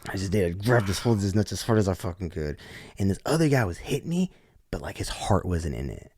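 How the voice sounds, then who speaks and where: A man's voice: sits low, sing-song, brisk, darkish tone, husky, dry recording. A man who is a podcast guest, telling a story in a blunt, profane, casual way with lots of "like". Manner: blunt, profane, heavy use of "like".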